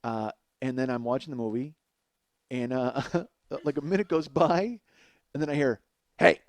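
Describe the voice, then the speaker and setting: A comedian host with a mid-range voice tells a long, crude story at normal speed, with no room sound in the recording. He's animated and keeps laughing mid-sentence as the monologue unfolds.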